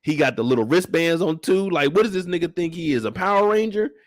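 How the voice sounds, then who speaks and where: A man casually recapping a show on a live stream, talking in an animated way and acting out the characters in exaggerated high voices, with a relaxed way of speaking. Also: quick pace, no room sound, studio quality.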